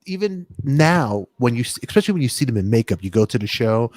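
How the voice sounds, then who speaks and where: A man's voice: mid-range voice, very animated, fast, darkish tone. A man hosting a podcast, chatting casually and agreeing with enthusiasm. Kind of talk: casual chat.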